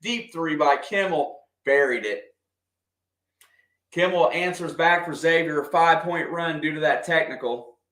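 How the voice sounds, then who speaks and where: A man doing casual, partisan play-by-play of a basketball game for a livestream, excitable and quick to react to the officials. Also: fairly high pitch. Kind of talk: fan play-by-play commentary. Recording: echoey room.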